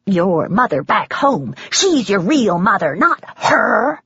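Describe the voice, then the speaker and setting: A fierce, bitter older American country woman, as a woman narrator puts her on in an audiobook. She speaks in clipped, accusing rural phrases, her husky voice leaping up and down in pitch. The sound is dull and dry. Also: big pitch swings, takes it slowly, a bit bright, no room sound, heavily acted. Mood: hostile.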